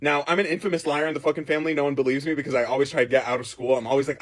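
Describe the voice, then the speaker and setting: A man telling a casual storytime vlog in a profane, animated way, laughing as he goes. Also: fairly high pitch, very fast. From Jordan.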